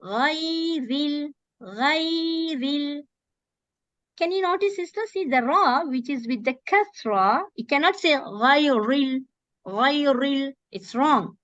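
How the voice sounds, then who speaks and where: A woman teaching Quran recitation in an online lesson, demonstrating words slowly and often correcting herself. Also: high-pitched, lively intonation, a bit bright, no room sound. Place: online video call. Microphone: computer mic on a video call. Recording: dull, dry video call audio.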